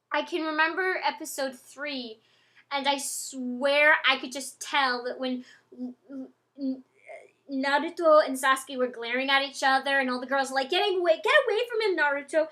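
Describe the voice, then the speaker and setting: A young woman chatting casually to her webcam, rambling with lots of ums and restarts and getting excitable. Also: high voice. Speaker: vlogger. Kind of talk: casual chat to camera.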